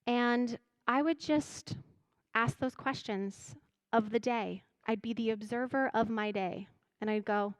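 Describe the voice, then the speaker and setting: A woman giving a spiritual message to a congregation, speaking gently and reflectively, often voicing her own inner thoughts. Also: fairly high pitch, measured pace, dry recording. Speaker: church music director giving a message.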